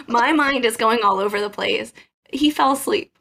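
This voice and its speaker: Podcast co-host, woman, slightly high pitch with vocal fry, animated storyteller. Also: normal speed. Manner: animated, laughing anecdote-teller. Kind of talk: casual storytelling chat.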